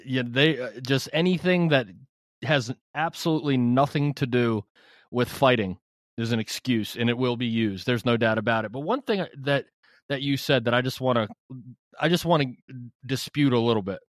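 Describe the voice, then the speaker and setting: A man co-hosting a boxing podcast, laying out his view calmly in casual chat, with many fillers. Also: mid-range voice, a little fast, dry recording, clean studio sound. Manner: relaxed, reasoned, lots of fillers. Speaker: podcast co-host.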